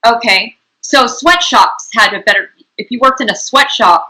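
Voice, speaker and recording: A woman's voice: medium pitch, normal speed, few pauses, bright, forceful tone, low-quality recording. A woman hosting an interview, asking emphatic, indignant questions. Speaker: host, interviewer.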